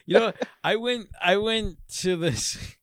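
A man's voice: sits high, takes it slowly, fairly bright tone, no room sound, clean studio sound. A man co-hosting a casual podcast chat, laughing often and telling bawdy stories. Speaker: podcast co-host.

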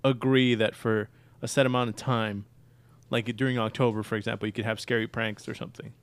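A man on a podcast, asking follow-up questions in a casual chat and adding quick quips. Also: mid-range voice, little pitch movement, smooth, dry recording. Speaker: podcast co-host.

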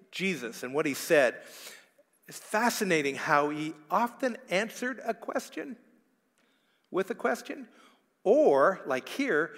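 A man's voice: high-pitched, a bit bright, in a large hall. A male pastor giving a sermon in a conversational, joking way with frequent fillers and restarts. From Canada. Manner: conversational preaching with asides and jokes to the congregation. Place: church hall.

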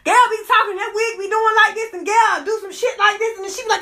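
A woman with a very high, piercing voice rants through a casual gossip livestream. She swears freely and laughs often, and her sharp, bright tone comes straight through a phone mic indoors. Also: quick pace, few pauses. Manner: profane, fired-up ranting, laughs often. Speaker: livestream host.

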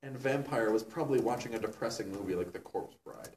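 A man's voice: medium pitch, fast, a little mellow. Young man reading aloud, roomy and distant. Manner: mock-serious, breaking into laughter and asides. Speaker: reader of a fan story. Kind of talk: comedic dramatic reading. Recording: roomy, distant mic with faint noise.

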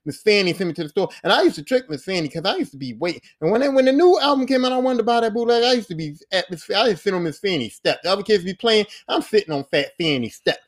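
High-voiced guy on a podcast telling a story, swearing a lot, doing everybody's voices. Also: quick pace, hardly any pauses. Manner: animated, profane, acts out voices in his stories. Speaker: podcast host. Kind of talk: casual storytelling.

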